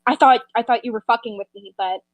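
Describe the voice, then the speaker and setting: A woman's voice: a little high, fast talker, dry recording, natural voice. A woman voicing a panicky young man who blurts out disbelieving questions. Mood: alarmed.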